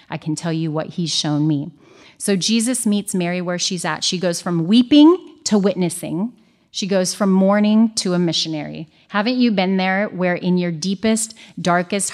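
A woman's voice: lowish voice, darkish tone. A married woman giving an earnest, conversational Bible study teaching, mixing scripture reading with personal asides. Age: young adult or middle-aged, married mother.

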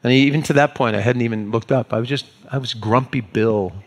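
Speaking fairly fast in a mid-range voice, a man preaches a storytelling sermon. He spins a folksy, self-mocking everyday anecdote in a conversational way, voicing the people in it.

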